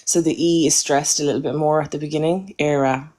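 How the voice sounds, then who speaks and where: An Irish woman in her forties calls in to a live show and talks casually. Her voice sits low for a woman. She explains things patiently and in a friendly way, now and then apologizing. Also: fairly even intonation, fast, warm tone. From Ireland. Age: 40s. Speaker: caller, Irish language teacher. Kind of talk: casual chat.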